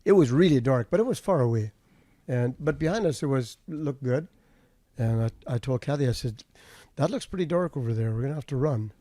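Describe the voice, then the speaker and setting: A male trucker telling a road story in casual chat, steady and matter-of-fact. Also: mid-range voice, fairly quick, no room sound. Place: studio table.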